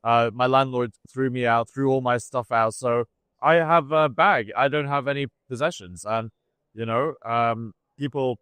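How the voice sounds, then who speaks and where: A man's voice: medium pitch, a little slow, a bit bright, clear, resonant tone, no room sound. A man from Britain, a guest on a livestream, talking in a rambling, casual way and laughing as he goes.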